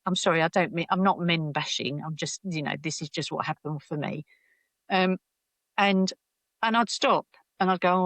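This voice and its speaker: A woman's voice: medium pitch, dry recording. A woman, a podcast guest telling her own story candidly, acting out what people said, with many restarts. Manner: animated, acts out quoted voices, many restarts.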